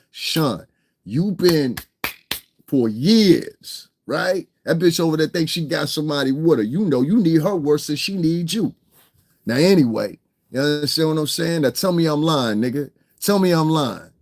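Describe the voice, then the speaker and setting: A man, his voice pitched a touch high, tears into critics in a profane, mocking rant. He lurches from loud outbursts to low mutters, sounding confrontational throughout. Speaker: online hip hop commentator. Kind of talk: ranting streamed commentary.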